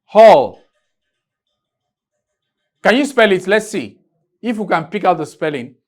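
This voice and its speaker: A man's voice: high-pitched, animated, fairly bright tone. A man from Nigeria teaching an English grammar lesson in a classroom, writing on a board, drawing out key words and firing questions at his students. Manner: drawn-out, emphatic teaching with repeated questions to students.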